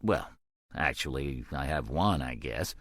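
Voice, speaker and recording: A man voicing a middle-aged priest who talks in a plain, low-key, earnest way in an audiobook. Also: big pitch swings, normal speed, no room sound, studio quality.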